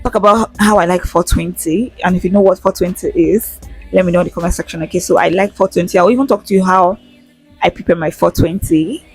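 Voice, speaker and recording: A woman's voice: fairly low pitch, fairly quick, husky, faint music behind. A young Nigerian woman vlogging in a casual, frank, chatty way, swearing freely and laughing often, speaking into a handheld phone with a small mic. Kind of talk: casual chat to camera. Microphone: phone held in hand with small attached mic.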